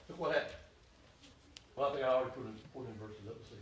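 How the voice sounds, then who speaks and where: A man's voice: medium pitch, expressive, fast talker, long pauses, roomy sound, recorded from a distance, a little hiss or hum, poor audio. A man preaching a folksy, emphatic sermon, acting out complaints in first person. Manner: voices Elijah's complaints in first person, rising to shouts. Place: church.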